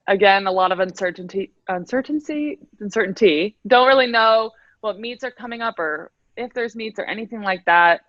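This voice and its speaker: A woman's voice: medium pitch, dry recording. Twenties female athlete guest, bubbly and chatty, dry slightly dull sound. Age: 20s. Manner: upbeat, laughs often, many fillers. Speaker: professional swimmer guest. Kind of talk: casual interview chat.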